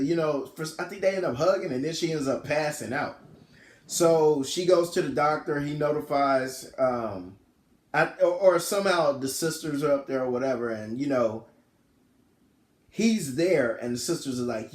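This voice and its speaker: Male reviewer, higher-pitched, loose slangy retelling, echoey room. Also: a little slow. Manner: rambling, slangy, often corrects himself. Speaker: film reviewer. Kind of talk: casual plot retelling.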